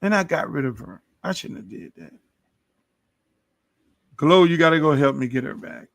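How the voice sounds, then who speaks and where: Gravelly middle-aged man preaching profanely. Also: on the high side, lively intonation, moderate pace, no echo. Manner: preachy, boastful, heavy swearing. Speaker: podcast host. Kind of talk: profane monologue.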